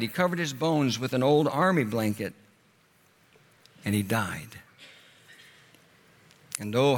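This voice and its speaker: A man telling a story dramatically, moving from hushed, quiet passages to urgent ones. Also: mid-range voice. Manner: expressive, swinging from hushed to urgent. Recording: reverberant hall.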